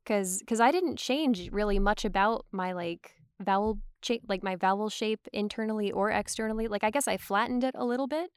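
A woman's voice: mid-range voice, moderate pace, few pauses, smooth, no room sound, clean studio sound. A woman talking in a casual chat, full of "like" and "um" fillers. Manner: chatty, lots of "like" and "um" fillers.

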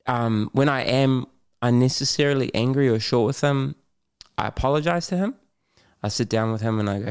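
A man's voice: medium pitch, moderate pace, smooth. A middle-aged man, a podcast guest talking candidly, laughing often and swearing casually. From New Zealand. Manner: animated storyteller, swears, laughs often, acts out his own lines.

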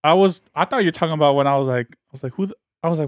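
A man's voice: on the high side, very fast, no echo, clean studio sound. A young man co-hosting a podcast, talking in laid-back slang with frequent swearing and chuckles. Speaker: podcast co-host. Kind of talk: casual chat.

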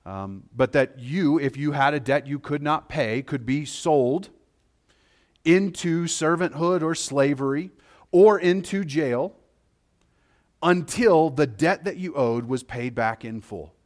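This man preaches as a pastor at a fairly high pitch, keeping things conversational and checking in with his audience. Some passages are quiet and slow, others louder and quicker.

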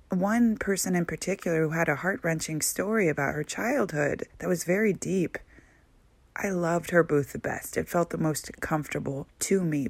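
A woman hosting a spiritual talk show, sharing her experience in an earnest, gentle and reflective monologue. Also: low voice, creaky, dry recording. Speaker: spiritual podcast host.

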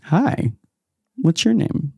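A man putting on a cult leader for a tabletop game, raising his voice into a lilting, high singsong. The tone swings widely, sweet on top with a gravelly creak underneath. He sounds falsely friendly and quietly menacing, recorded close and dry. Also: big pitch swings, takes it slowly, no room sound, full character voice. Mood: menacing calm. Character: eerie glowing-eyed male cult leader, smooth and menacing.

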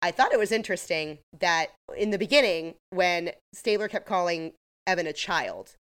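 A woman's voice: on the low side, lively intonation, moderate pace, a bit bright. A woman co-hosting a podcast, casually recapping a TV episode with lots of fillers and the odd laugh. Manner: chatty, filler-heavy retelling with laughs. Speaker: podcast co-host.

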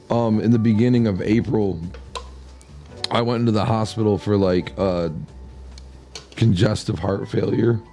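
Gravelly, dark-voiced laid-back man. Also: lowish voice, faint music behind. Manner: laid-back, profane, drawn-out pauses. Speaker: podcast co-host. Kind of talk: casual chat.

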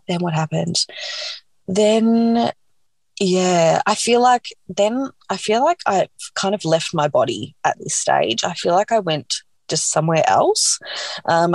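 Gravelly-voiced woman telling a story. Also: lowish voice, no echo. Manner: animated, acts out quoted dialogue, frequent "like". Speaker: podcast guest. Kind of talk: candid personal storytelling.

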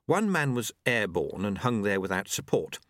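A man narrating a novel in an expressive storytelling manner. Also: on the low side, moderate pace, dry recording. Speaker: audiobook narrator. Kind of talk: scripted narration.

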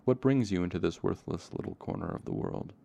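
A man's voice: low-pitched, fairly quick, gravelly, warm tone. A man voicing a brooding male innkeeper in an audiobook reading, curt and sarcastic. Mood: flat.

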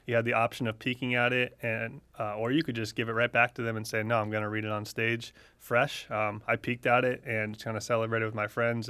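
A man's voice: fairly low pitch, a bit bright, smooth, dry recording. A man in his twenties co-hosting a podcast, easygoing and friendly as he recaps. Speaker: podcast co-host. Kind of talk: casual chat among medical students.

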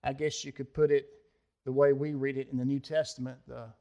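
A man's voice: medium pitch, level tone, a little fast, gravelly, lo-fi sound. A middle-aged man preaching a sermon, teaching through a Bible passage verse by verse and reading the scripture aloud with rising emphasis. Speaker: pastor.

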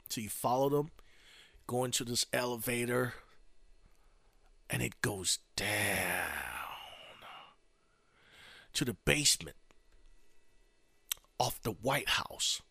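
A man doing stand-up storytelling, profane, with a drawn-out delivery. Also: mid-range voice, vocal fry, bright, forceful tone, husky, dry recording. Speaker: comedian.

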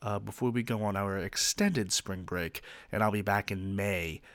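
A man's voice: on the low side, normal speed, a bit bright, no room sound. A man hosting his own podcast alone, talking casually and rambling with many ums and uhs, poking fun at himself. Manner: self-mocking, joking. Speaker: podcast host; teacher. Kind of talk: casual solo podcast chat.

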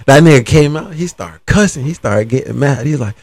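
A man hosting a podcast, telling a story in an animated, swearing way. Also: mid-range voice, a little fast. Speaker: podcast host. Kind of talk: casual storytelling.

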